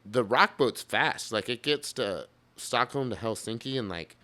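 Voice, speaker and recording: A man spins a wild tour story in loose, casual podcast talk. He swears freely and jumps into the voices of the people he quotes. His voice sits at an ordinary middle pitch. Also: unhurried. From United States. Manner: animated, swears a lot, acts out quotes. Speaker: podcast guest, drummer.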